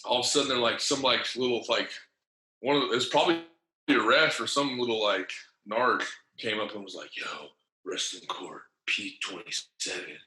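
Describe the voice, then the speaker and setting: Guy telling a wild story, lots of swearing and slang, bright edgy voice, echoey room. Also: mid-range voice, moderate pace. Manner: animated, profane, slangy storytelling with acted-out quotes. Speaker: podcast guest. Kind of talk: casual storytelling.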